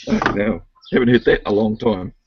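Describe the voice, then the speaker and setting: A man's voice: fairly low pitch, a little fast, background noise. Joking, foul-mouthed man on lo-fi chat. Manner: joking, swears freely, rambling banter. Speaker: voice chat participant. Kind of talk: casual online voice chat. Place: at home. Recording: dull lo-fi online voice chat.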